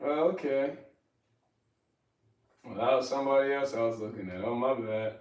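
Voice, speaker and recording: A man's voice: medium pitch, normal speed, a little mellow, reverberant, distant mic. A young man hosting a casual livestream while he cooks, joking loosely and talking to his chat. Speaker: livestream host. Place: home kitchen.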